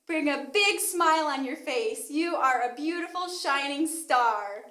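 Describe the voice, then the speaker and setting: A woman with a high, bright voice guides toddlers through a yoga class. She talks slowly, in a cheerful sing-song. Her voice rings in an echoey room. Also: expressive. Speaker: kids yoga instructor.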